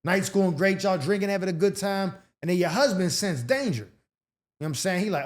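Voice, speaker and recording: A man's voice: high-pitched, lively intonation, fairly quick. A man hosting an advice show, reading letters and answering them in a blunt, profane, sarcastic way with slang-heavy casual talk. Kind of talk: advice commentary rant.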